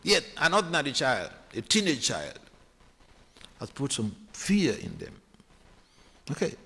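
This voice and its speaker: A man giving a sermon-style class in a temple hall, animated and acting out quoted voices, halting often with restarts. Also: medium pitch, vocal fry. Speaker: speaker giving a scripture class.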